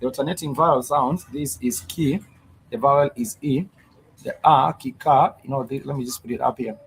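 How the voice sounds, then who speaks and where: A man's voice: mid-range voice, brisk, a little hiss or hum, low-quality recording. A man teaching a live-streamed language lesson, patiently repeating words and breaking them into syllables. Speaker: Swahili teacher.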